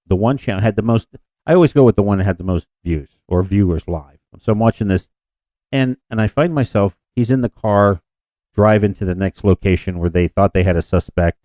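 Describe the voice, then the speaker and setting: A man's voice: deep voice, mellow, no room sound. A man co-hosting a podcast in casual chat, rambling and self-deprecating with frequent restarts. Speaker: podcast co-host.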